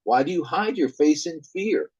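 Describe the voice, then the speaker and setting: A man reading aloud as a worried father who tries to calm and reassure his frightened son. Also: a little high, moderate pace, breathy edge, dull audio, voice pushed up. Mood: soothing. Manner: soothing, reassuring.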